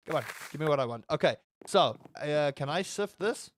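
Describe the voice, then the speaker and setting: A man with a high, light voice streams a game and talks to his chat. He rambles sarcastically and trips over strings of stammered fillers. A faint hiss sits under his voice. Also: animated, normal speed, few pauses. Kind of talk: casual live-stream chat with viewers.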